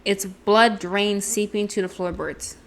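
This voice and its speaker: A woman's voice: medium pitch, fairly even intonation, a little slow. Woman gamer reading game text aloud. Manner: narrates, reads descriptions aloud, thinks out loud. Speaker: let's play gamer. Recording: game music behind. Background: game music.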